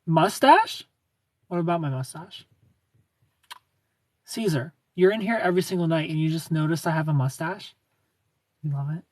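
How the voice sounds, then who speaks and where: Soft-spoken husky man on a livestream. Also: normal speed, pauses often, no echo. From Ohio. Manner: soft-spoken, low-key, drifting into quiet asides. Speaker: livestream host. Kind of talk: casual livestream chat reading viewer comments.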